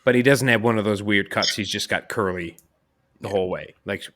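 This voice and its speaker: Bright-voiced joking man telling stories. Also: lowish voice, fairly quick. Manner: crude, joking, laughs at his own stories. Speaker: podcast co-host. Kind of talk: casual storytelling chat.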